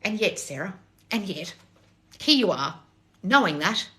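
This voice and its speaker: A woman's voice: medium pitch, very animated, unhurried, a bit bright. A woman coach on a live stream answering chat questions, blunt and sarcastic, swearing freely. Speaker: manifestation coach.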